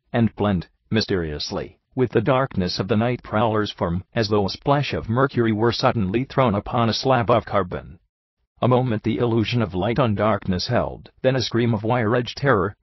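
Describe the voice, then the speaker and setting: A man reading a story aloud in a measured, dramatic way, with a husky voice. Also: fairly low pitch, dry recording, muffled recording. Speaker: audiobook reader. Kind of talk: scripted narration.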